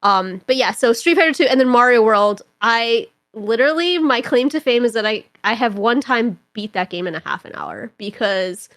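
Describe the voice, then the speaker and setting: A young woman from Toronto, a podcast guest telling stories in casual chat, animated and rambling, with constant filler words. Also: a little high, normal speed, few pauses, dry recording. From Toronto, Canada.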